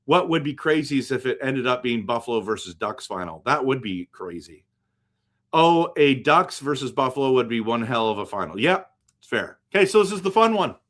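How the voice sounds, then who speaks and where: A man's voice: medium pitch, expressive, normal speed, fairly bright tone. A man from western Canada hosting a casual hockey live stream, thinking aloud as he picks and answers viewer comments. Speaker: hockey livestream host.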